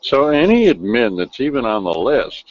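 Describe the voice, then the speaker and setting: A man's voice: medium pitch, big pitch swings, normal speed. A man running a voice chat room, laying down the rules in a stern, gloating way. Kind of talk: casual voice chat. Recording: dull lo-fi voice chat audio.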